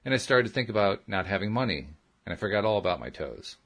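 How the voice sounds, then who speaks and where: Low, husky male narrator. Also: big pitch swings, fast, a bit bright. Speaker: audiobook narrator. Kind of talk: first-person scripted narration.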